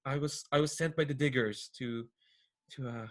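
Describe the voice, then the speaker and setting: A man's voice: mid-range voice, normal speed, natural voice. A man voicing a nervous young male forest creature with antlers, who stammers and frets. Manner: stammering, jittery, fretful.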